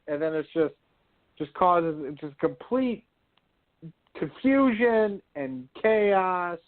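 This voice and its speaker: A man's voice: on the high side, unhurried. A man co-hosting a radio talk show, giving confident, opinionated takes on sports and politics. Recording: phone-line quality audio.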